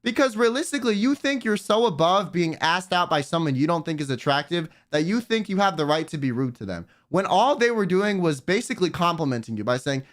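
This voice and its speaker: A man's voice: a little high, sing-song, fairly quick, few pauses. A man streaming live, ranting bluntly and with plenty of profanity while he reads out viewer messages. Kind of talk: casual livestream rant.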